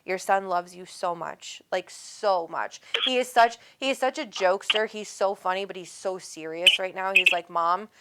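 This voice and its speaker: A woman's voice: mid-range voice, moderate pace, hardly any pauses, background noise. A woman hosting a live call-in psychic reading, talking in an affectionate, rambling way and calling the caller sweet names. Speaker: psychic medium host.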